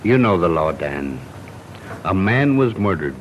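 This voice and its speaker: A man's voice: low voice, big pitch swings, unhurried, slight background noise, poor audio. An actor playing a stern middle-aged police chief and father in 1930s film acting, formal and firm.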